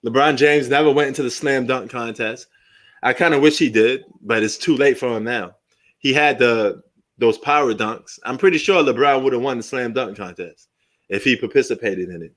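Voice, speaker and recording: Giving casual live commentary, a middle-aged man hosting a sports stream reminisces and jokes about old highlights with plenty of profanity. He speaks at normal speed in a fairly bright tone.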